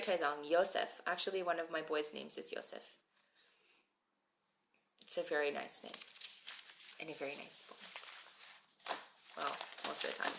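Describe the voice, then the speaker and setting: A woman with a creaky voice on the low side speaks over background noise. She's in her thirties, moved to Israel as an adult, and leads a live-stream Hebrew reading class, reading comments from viewers and responding to them by name.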